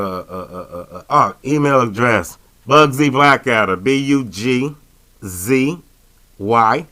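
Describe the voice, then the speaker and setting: Man, radio host, casual monologue, bright tone, rambling, joking, mid pitch. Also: smooth. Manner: rambling, joking, many fillers and restarts.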